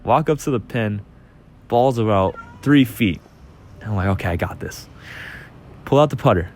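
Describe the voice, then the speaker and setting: A young man telling a casual personal story over gameplay, excitable and rambling, often repeating his phrases. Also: medium pitch, moderate pace, a little hiss or hum. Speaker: channel host.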